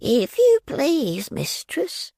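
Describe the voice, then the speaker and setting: A narrator voicing a withered, ugly old pauper woman in an audiobook, with a thin, high, drawn-out wavering voice. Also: huge pitch swings, creaky, mellow, dry recording, clean studio sound, exaggerated voice. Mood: pleading. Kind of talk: audiobook character voice.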